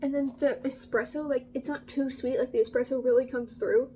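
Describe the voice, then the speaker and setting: A young woman vlogging about food in a casual, gushing, excitable way, with drawn-out exclamations. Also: sits high, slight background noise, rough recording.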